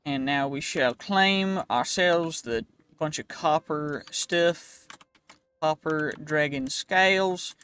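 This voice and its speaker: A man's voice: a little high, takes it slowly, bright, forceful tone, smooth. A young man chatting playfully and rambling as he narrates his modded game, dropping goofy phrases now and then. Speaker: gaming video creator. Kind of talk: casual Minecraft let's-play commentary.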